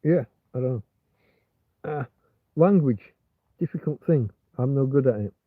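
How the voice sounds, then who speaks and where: A man's voice: mid-range voice, lively intonation, unhurried, no echo. A man hosting a rambling, casual livestream chat, meandering with many restarts and fillers. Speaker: livestream host. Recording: tinny phone-like sound.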